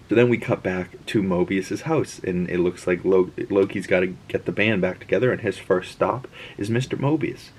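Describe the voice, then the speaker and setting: A man's voice: sits low, normal speed, darkish tone, slight background noise. A man hosting a casual episode breakdown, rambling and chatty with frequent restarts and asides. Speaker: host.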